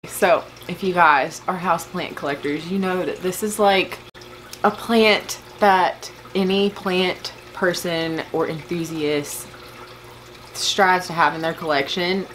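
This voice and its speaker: A woman's voice: lowish voice, fairly even intonation, slow, a bit bright, a little hiss or hum, low-quality recording. A woman vlogging a plant unboxing, gushing and overwhelmed with emotion as she talks to her viewers. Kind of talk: casual unboxing vlog.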